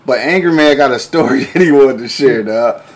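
A man's voice: medium pitch, moderate pace. A man hosting a live radio show, chatting in loose, slangy banter. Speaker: host. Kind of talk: casual radio show chat.

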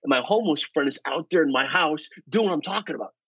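Husky guy telling a story, gets loud and excited then quiets down, dry slightly muffled audio. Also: fairly high pitch, fast talker, no echo. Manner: energetic, swings between hushed asides and excited emphasis. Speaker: author and guest. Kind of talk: animated storytelling.

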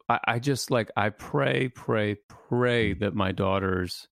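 Gravelly-voiced man asking earnest questions. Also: fairly low pitch, dry recording, clean studio sound. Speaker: podcast co-host. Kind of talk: casual podcast interview.

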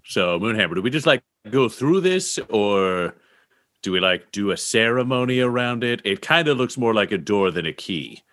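A man playing a tabletop game with a bright, forceful tone. His voice is lowish, and its pitch jumps around as he jokes. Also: animated, moderate pace. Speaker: player.

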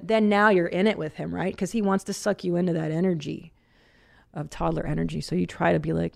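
A woman's voice: on the low side, quick pace, gravelly. Chatty woman host telling stories. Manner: animated storytelling, acts out quotes, laughs often. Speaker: podcast host. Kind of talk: casual chat.

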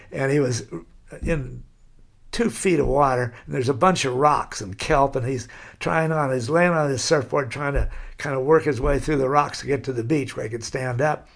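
An older man with a gravelly, fry-edged voice recounts his adventures in a loose, rambling way. He leans on "kinda" and "you know" as he goes, and his pitch sits in an ordinary middle range. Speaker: interview guest. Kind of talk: storytelling.

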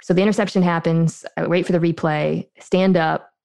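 A woman podcaster telling a personal story in a quick, chatty way with fillers. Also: fairly low pitch, fairly even intonation, creaky, a little mellow, no echo. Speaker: podcast guest and host. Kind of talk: casual storytelling.

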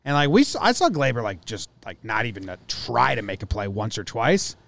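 A man's voice: mid-range voice, sing-song, a little fast, vocal fry, fairly bright tone. A man co-hosting a casual sports podcast, joking and loose, often trailing off and restarting his sentences. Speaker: podcast co-host.

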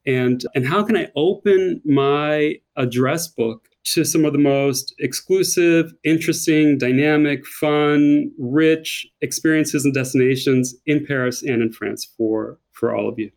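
Guest: American man, slightly high voice, effusive, restarts his sentences. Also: unhurried, few pauses, darkish tone. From United States. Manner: enthusiastic, effusive, repeats words while searching. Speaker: guest, author and designer. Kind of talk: interview conversation.

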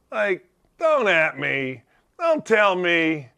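A man's voice: sits high, expressive, normal speed, bright, forceful tone. A middle-aged man hosting a sports talk show, delivering a brash, rambling monologue and calling out to chat viewers.

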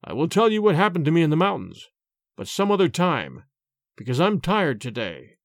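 A man voicing a pale old father back from the dead, speaking slowly and sternly. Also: on the high side, wildly swooping pitch, no room sound, studio quality.

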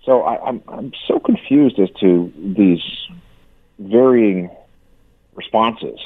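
Deep-voiced man on a tinny phone line. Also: slow, no room sound. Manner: stammering, repeats words, animated. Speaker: music industry commentator. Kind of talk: phone-in radio interview. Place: lives in Canada.

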